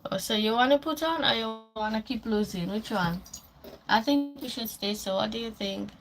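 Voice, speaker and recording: Gravelly-voiced Caribbean woman chatting on a livestream. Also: a little high, moderate pace, noisy background. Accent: Caribbean English. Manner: chatty, reads viewer comments aloud and answers them. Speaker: livestream host. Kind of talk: casual morning livestream chat.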